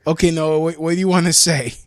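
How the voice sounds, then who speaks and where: A man's voice: on the high side, flat delivery, fast talker, no echo, studio quality. A man hosting a casual podcast and taking a caller, joking crudely, swearing and laughing. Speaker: podcast host. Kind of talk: casual chat taking a call-in.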